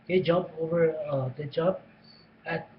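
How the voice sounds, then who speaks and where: A man with a somewhat high voice talks through a film's plot in loose, casual fashion. He stumbles, restarts and repeats himself constantly. The recording is muffled and lo-fi with a faint hiss behind him. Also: steady tone, a little slow. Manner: rambling, many restarts and repeated phrases. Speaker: movie reviewer.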